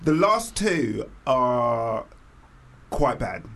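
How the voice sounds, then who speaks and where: A man's voice: mid-range voice, very animated, very slow, a bit bright. A man chatting casually about films as a podcast co-host, dry and frank, often giving short reactions. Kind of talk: casual film chat.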